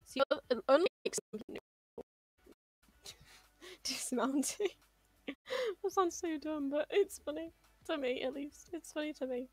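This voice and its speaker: In a relaxed gameplay stream, a woman with a slightly high voice chats playfully and unhurriedly, coaxing the on-screen creatures. Her close, dry mic has no echo, and faint music plays in the background.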